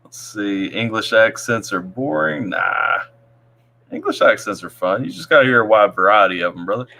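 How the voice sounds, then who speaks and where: Stream host, male, from Tennessee, bright, low-ish voice, laid-back. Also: expressive, moderate pace, vocal fry. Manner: reads viewer comments aloud, laid-back. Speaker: livestream host. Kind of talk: casual live stream chat.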